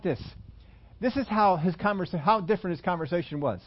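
A man preaching a sermon, telling a scripture story with animated, acted-out voices for its characters. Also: high-pitched, brisk. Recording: muffled lo-fi sermon recording.

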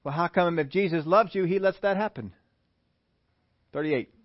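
A man preaching a sermon, animated, who acts out the voices he quotes. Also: fairly high pitch, moderate pace, no echo, dull audio. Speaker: pastor.

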